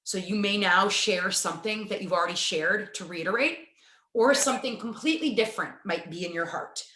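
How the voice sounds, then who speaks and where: A woman hosting an interview, talking enthusiastically and slowing down to stress her points. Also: medium pitch, roomy sound. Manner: warm, enthusiastic, slows down for emphasis. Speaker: podcast host. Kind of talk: casual interview chat.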